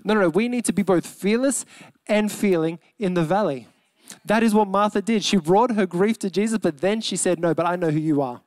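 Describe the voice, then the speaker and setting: A young adult man with an Australian accent, preaching a sermon in an earnest, emphatic way, slowing and softening on key words. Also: sits high, dry recording. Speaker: pastor.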